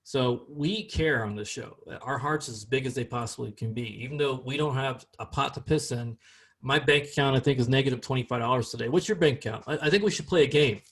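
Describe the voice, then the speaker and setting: A man's voice: mid-range voice, brisk, breathy edge. Rambling upbeat podcast host man. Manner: rambling, upbeat, gropes for words. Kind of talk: casual chat.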